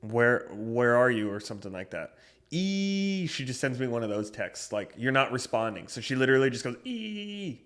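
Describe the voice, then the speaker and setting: A young man co-hosting a podcast, rambling through a story with lots of swearing and getting loud when riled up. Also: medium pitch, sing-song, moderate pace. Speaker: podcast co-host. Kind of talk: casual chat.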